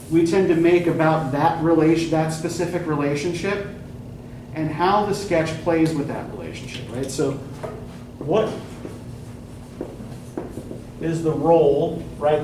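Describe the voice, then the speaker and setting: Man lecturing a class, noisy roomy sound. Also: a little high. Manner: measured, prompting with repeated "right?". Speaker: college English instructor. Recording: echoey classroom, mic at a distance, noisy.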